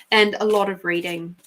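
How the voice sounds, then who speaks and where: A woman from New Zealand with a New Zealand accent, hosting a live stream and chatting casually with viewers, unhurried and quick to laugh. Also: mid-range voice, a bit bright. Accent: New Zealand, softened by years in South Australia. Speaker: podcast host and intuitive reader.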